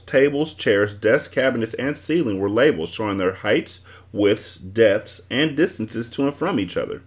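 A man hosting a book podcast, narrating a children's book in an expressive reading voice. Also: on the low side. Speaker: podcast host reading aloud. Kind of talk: storybook narration.

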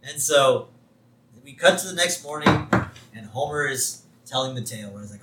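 A man's voice: medium pitch, animated, normal speed, sharp tone, distant mic, slight background noise. A man co-hosting a podcast, enthusiastically recapping a cartoon episode and laughing often. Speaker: podcast co-host. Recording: echoey room, set back from the mic.

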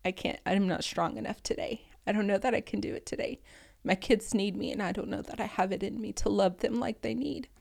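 A woman's voice: mid-range voice, brisk, vocal fry, a little mellow. A woman in her thirties, a podcast co-host, sharing a painful personal story in a tearful, scattered way, often laughing through the tears. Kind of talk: emotional personal testimony.

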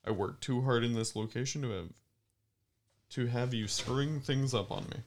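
A man voicing a female android neighbor who is smug and taunting, in a high put-on voice. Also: normal speed, a little hiss or hum, natural voice.

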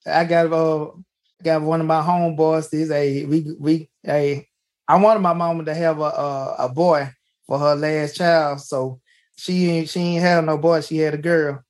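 A man's voice: on the high side, level tone, unhurried. A man hosting a podcast, telling a personal story in a folksy way, often starting with "hey" and restarting his sentences. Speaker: podcast host. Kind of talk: casual storytelling.

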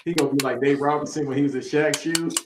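A man's voice: on the high side, fairly even intonation, fast talker. A man co-hosting a podcast, teasing his friends and making provocative claims in casual chat. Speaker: podcast co-host. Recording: echoey room with faint noise.

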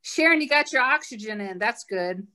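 Upbeat bright-voiced woman chatting. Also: on the high side, animated. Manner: chatty, upbeat, quick to react. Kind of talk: casual chat.

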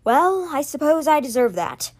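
A woman voicing an anxious, scheming young male high priest in a storybook reading, muttering and sometimes barking orders. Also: sing-song, moderate pace, a little mellow. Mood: wry.

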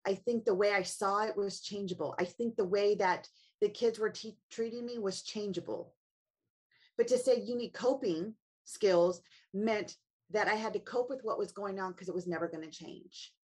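A woman's voice: mid-range voice, moderate pace, darkish tone, husky. Earnest woman coach telling her story. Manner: earnest, reflective, asks herself rhetorical questions. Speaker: family coach and author. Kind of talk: interview guest, personal storytelling.

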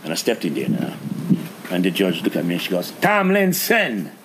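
A man's voice: sits low, quick pace, noisy background. A man animatedly telling a story in casual chat, often laughing as he goes.

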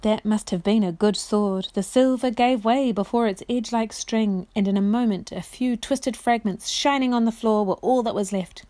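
A woman reading a storybook chapter aloud in a clear, expressive way. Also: a little high, moderate pace, few pauses, dry recording. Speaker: reader.

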